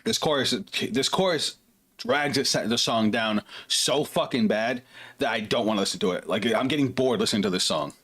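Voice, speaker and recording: A man's voice: mid-range voice, moderate pace, fairly bright tone, husky. A man streaming music reactions, talking casually, bluntly and with open emotion, swearing freely. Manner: blunt, profane, openly emotional. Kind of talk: casual live reaction commentary.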